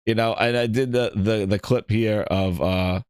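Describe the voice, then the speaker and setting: A man hosting a gaming podcast, chatting excitedly, rambling, swearing and cracking himself up. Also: fairly low pitch, measured pace, smooth, no room sound, studio quality. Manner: rambling, laughs at his own jokes, swears a lot. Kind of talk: excited casual chat.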